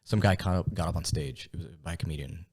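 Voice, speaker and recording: A man hosting a podcast, chatting in a relaxed, laid-back way and calling his guests bro. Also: sits low, fast, husky. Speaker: podcast host. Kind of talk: casual podcast conversation.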